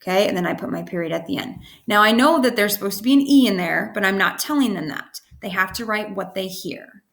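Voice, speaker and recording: A woman teacher casually walking parents through how their young children should write sentences, often checking in with "okay?" and slowly sounding out letters. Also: medium pitch, vocal fry, fairly bright tone. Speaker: kindergarten teacher.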